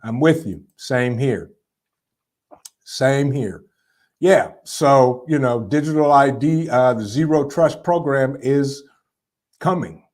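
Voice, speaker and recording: A man's voice: medium pitch, slow pace, darkish tone. Rambling male livestream host reading comments. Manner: rambling, conversational, frequent fillers and repeats. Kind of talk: casual live chat reading viewer comments.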